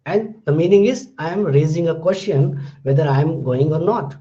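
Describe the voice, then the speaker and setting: Male lecturer, higher pitch, patient and repetitive, muffled lo-fi recording. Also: normal speed, mellow. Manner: explains patiently, repeating phrases and examples. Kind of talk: university phonetics lecture.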